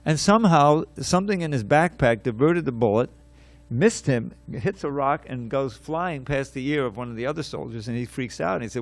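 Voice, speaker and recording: Gravelly guy telling a story in a temple class, lots of restarts and repeats, dry close sound. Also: mid-range voice, normal speed, few pauses, no echo. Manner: animated, repetitive storyteller with many restarts. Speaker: speaker giving a scripture class. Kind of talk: storytelling within a scripture class.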